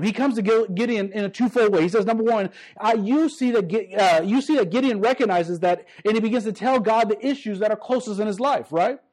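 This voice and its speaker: High voiced guy preaching, emphatic, repeats himself, stumbles on restarts, drags out the big lines. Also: a little mellow. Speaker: pastor. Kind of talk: sermon.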